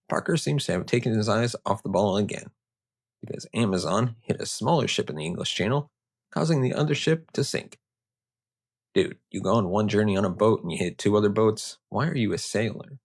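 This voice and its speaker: A man's voice: on the low side, lively intonation, a little fast, vocal fry, slightly rough. A man hosting a history podcast, telling the story casually with sarcastic, joking asides. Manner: casual, sarcastic, riffing off-script. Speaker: podcast host.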